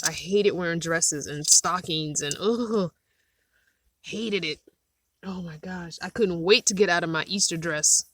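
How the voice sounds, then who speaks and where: A woman's voice: fairly low pitch, no echo. A middle-aged woman, chatting casually on a live stream and telling stories between bursts of laughter. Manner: animated storytelling with frequent laughter. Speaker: vlogger hosting a live chat. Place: inside her van.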